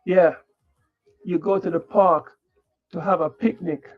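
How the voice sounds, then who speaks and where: High gravelly guy ranting slow on a livestream, blunt and preachy, swears freely, muffled sound w/ soft music. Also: steady tone. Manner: blunt and profane, unfiltered; preachy, moralizing. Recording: dull lo-fi stream with faint music.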